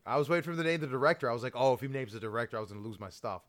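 A man co-hosting a wrestling podcast in casual chat, restarting sentences and rushing when mocking. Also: mid-range voice, animated, a bit bright. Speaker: podcast co-host.

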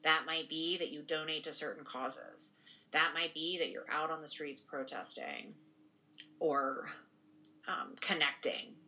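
A woman's voice: sits low, steady tone, unhurried, bright, forceful tone, low-quality recording. A young woman co-hosting a podcast in casual conversation, rambling and tagging her points with "right?". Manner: rambling, frequent "right?" tag questions. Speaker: podcast co-host and spiritual practitioner.

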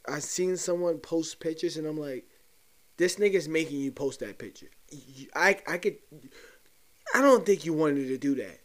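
A man's voice: fairly high pitch, lively intonation, normal speed. A young man hosting a solo podcast, ranting loosely and profanely and talking straight to his listeners as if sharing a secret. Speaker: podcast host. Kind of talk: casual solo podcast rant.

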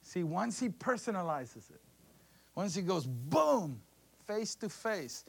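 A man preaching a sermon, telling a scripture story with animated bursts and acted-out voices. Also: high voice, slow, gravelly, long pauses, husky.

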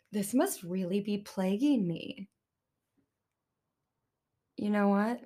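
A woman's voice: medium pitch, expressive, takes it slowly, long pauses, mellow. A young woman hosts a casual solo podcast and rants at easy conversational length. She fills her talk with "like" and "um", swears freely, and drops little laughing asides as she goes. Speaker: podcast host.

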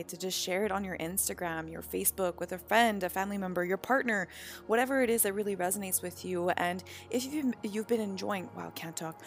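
A woman hosting her own podcast as a coach, talking casually about spirituality, laughing often and swearing freely while she tells stories. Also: medium pitch. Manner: laughing, swearing, animated storytelling.

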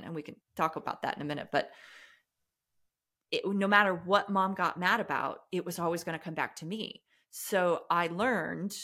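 A woman guest on a podcast, talking candidly in a slightly low voice. She is earnest and reflective, and she often backs up and restarts her thoughts as she speaks. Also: pushed and bright. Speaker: podcast guest, trauma coach. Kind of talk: candid conversational interview.

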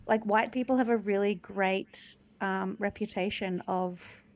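A woman's voice: mid-range voice, fairly even intonation, a little slow. A young adult woman co-hosting a casual podcast chat, thoughtful and full of "um"s. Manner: thoughtful, many "um"s. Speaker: podcast co-host.

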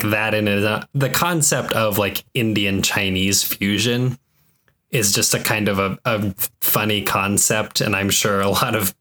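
A man's voice: fairly low pitch, pushed and bright. A man hosting a podcast in casual chat, rambling and filling his talk with "like". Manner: rambling, heavy use of "like" fillers.

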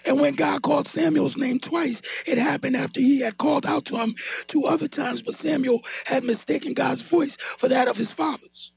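A man's voice: very high-pitched, steady tone, normal speed, creaky, no room sound. A man preaching a sermon, calling on the congregation to answer him and building into a sung, whooping delivery. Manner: calls on the congregation to respond, rising into a sung whoop.

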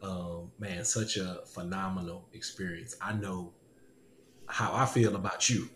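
Low-pitched yet a bit bright, this man's voice stays steady and runs a little slow, with slight background noise. A podcast host, he tells a personal story with animation, laughing often and repeating his lines, in a casual testimony chat from an echoey room with faint ambience.

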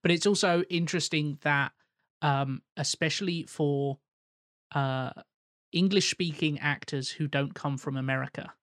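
A man with a slightly high voice, recorded dry and close with no room sound. He talks in a thoughtful, winding way in casual podcast chat, often circling back before making his point. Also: unhurried, a bit bright, dry recording.

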